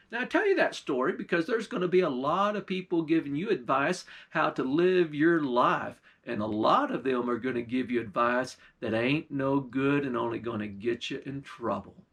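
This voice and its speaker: A man's voice: mid-range voice, a bit bright, breathy edge. A male pastor, telling a folktale in a folksy, drawling country manner. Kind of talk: folktale storytelling.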